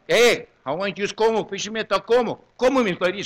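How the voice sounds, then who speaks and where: A man in his seventies with a Hawaiian Pidgin English accent, giving a lively, joking talk to a gathering and repeating words in quick bursts. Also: high-pitched, a little hiss or hum. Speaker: presenter at a community gathering.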